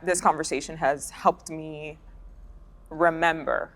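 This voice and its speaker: A woman TV analyst on a panel, speaking reflectively and deliberately. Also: low voice, fairly even intonation, fairly bright tone. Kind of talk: panel discussion.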